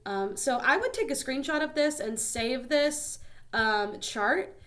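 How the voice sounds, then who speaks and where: A woman's voice: high voice, lively intonation, takes it slowly, a bit bright. A young woman teaching a casual lesson, explaining in a chatty way with many ums and likes.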